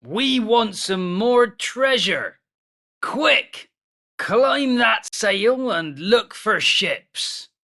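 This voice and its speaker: A woman reading a storybook aloud, voicing an angry gruff male pirate. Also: on the high side, lively intonation, extremely slow, fairly bright tone, heavily acted.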